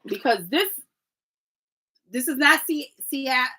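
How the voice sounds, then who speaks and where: A woman's voice: sits high, lively intonation, slow, bright, forceful tone, a little hiss or hum, poor audio. A woman doing a casual livestream oracle card reading, chatty and rambling, who often adds "right?", calls viewers "family" and stumbles over names.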